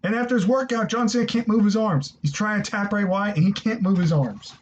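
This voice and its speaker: Male reviewer, high voice, excitable rambling delivery, muffled lo-fi sound. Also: a little fast. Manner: excitable, rambling, swears freely. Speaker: wrestling show reviewer. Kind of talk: casual spoken review. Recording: dull lo-fi recording.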